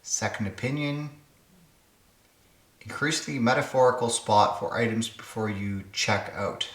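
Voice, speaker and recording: A man's voice: fairly low pitch, a little slow, fairly bright tone, reverberant. A man hosting his own puzzle channel, thinking aloud and muttering to himself as he solves word games. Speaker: puzzle game channel host. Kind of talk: casual solo puzzle-solving commentary.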